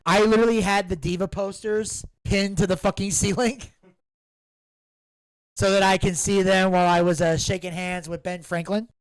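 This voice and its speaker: A young adult man hosting a casual podcast from a home studio, animated and profane, bursting into loud re-enactments. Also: high-pitched, dry recording. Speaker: podcast host.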